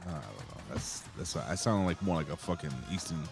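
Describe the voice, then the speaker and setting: A man co-hosting a wrestling podcast in casual chat, loud and jokey, swearing as he reads out viewer comments. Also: deep voice, a little fast, music in the background. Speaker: podcast co-host reading chat.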